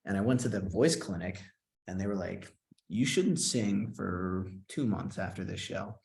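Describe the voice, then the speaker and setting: A man in his twenties, an actor and singer, telling a story in a casual interview and quoting himself in excited bursts. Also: low-pitched, unhurried, vocal fry.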